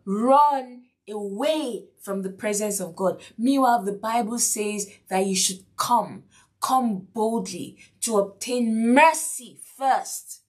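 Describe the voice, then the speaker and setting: Woman preacher, emphatic, repeats herself, questions the listeners, fairly high voice. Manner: emphatic, repeats key lines, asks the listeners questions, acts out quotes. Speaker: preacher and teacher. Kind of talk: sermon lesson.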